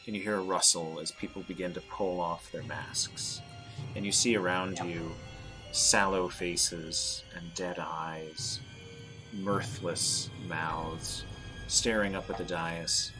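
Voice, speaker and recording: Slow, deep-voiced man running a game. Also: fairly even intonation, music in the background. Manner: hesitant, with many fillers and restarts, slowing for dramatic description. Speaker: game master. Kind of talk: narrating a tabletop game.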